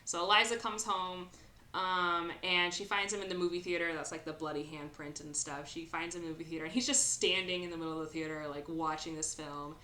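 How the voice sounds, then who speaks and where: A female podcast host casually recaps a film, rambling through the retelling with lots of fillers and acted-out quoted lines. Her voice sits on the low side, sounding pushed and bright with fairly even intonation, a somewhat fast pace, and reverberant audio.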